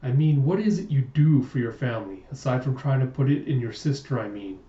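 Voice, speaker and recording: A man voicing a sinister old male doctor, calm and cruel, who draws out his words and drops the ends of sentences low and soft. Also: lightly acted. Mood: menacing. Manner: slow, drawn-out menace, name-endings dropped low and soft. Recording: roomy, distant, dull lo-fi sound.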